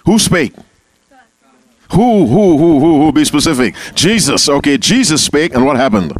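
A man's voice: fairly high pitch, very animated, moderate pace, no echo. A man leading an interactive Bible class, calling on members by name and repeating key phrases. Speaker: Bible teacher.

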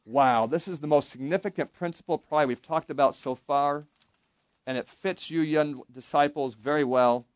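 A man's voice: a little high, moderate pace, dry recording. A man giving an interactive Bible lesson to young campers, asking the group questions and leading them in call-and-response. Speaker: camp Bible teacher.

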